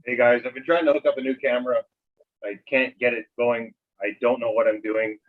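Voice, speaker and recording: A man's voice: mid-range voice, fairly even intonation, fairly quick. A man chatting as a guest on a video call, joking about not understanding his own tech gear. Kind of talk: casual chat. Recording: lo-fi dull sound.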